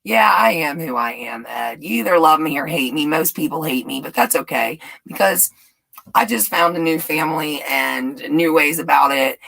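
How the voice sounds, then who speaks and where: Gravelly, husky Southern-tinged woman streamer. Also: low-pitched, fairly bright tone, rough recording. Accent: light Southern US. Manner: chatty, gushing, laughs often. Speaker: YouTube live-stream host. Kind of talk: casual live-stream chat answering viewers. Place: home in Texas.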